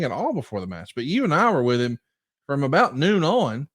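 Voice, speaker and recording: A man's voice: mid-range voice, huge pitch swings, a little fast, no room sound. A man from the United States hosting a podcast, talking in a conversational, emphatic way. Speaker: podcast host. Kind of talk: casual podcast chat.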